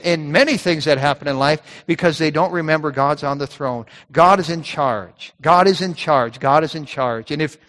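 A male pastor giving a sermon in a conversational style, often repeating words and reading scripture slowly. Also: a little high, fairly bright tone. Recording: long reverb of a church hall.

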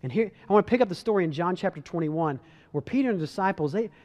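Man, pastor, high voice, casual animated sermon storytelling, long reverb. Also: quick pace, muffled recording.

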